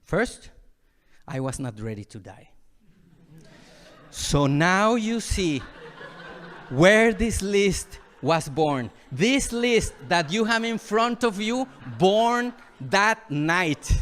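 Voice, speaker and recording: A man from Mexico, a Buddhist monk, gives a dharma talk in a fairly high voice. He tells his story with vivid sound effects and acted-out moments. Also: sing-song, extremely slow, a bit bright.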